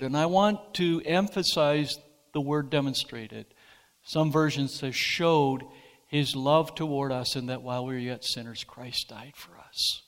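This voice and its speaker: A man preaches a sermon at an unhurried, deliberate pace. His voice sits somewhat high and climbs into emphatic, forceful peaks. A long reverb trails behind his words. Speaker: pastor.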